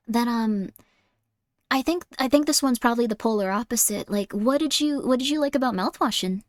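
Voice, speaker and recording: A woman streamer in casual chat with a fairly high voice. She agrees readily, laughs easily and strings her thoughts into long sentences. Her voice is close and dry. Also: normal speed, no echo.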